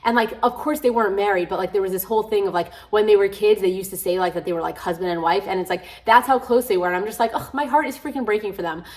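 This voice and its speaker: Fast-talking gushing woman book vlogger. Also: mid-range voice. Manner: gushing, rambling with frequent "like" and swearing. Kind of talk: casual reading vlog chat.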